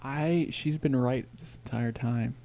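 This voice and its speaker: A man's voice: mid-range voice, a little slow, creaky, very noisy. A man co-hosting a podcast, agreeing with the others and adding laughing asides. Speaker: podcast co-host. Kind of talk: casual podcast banter.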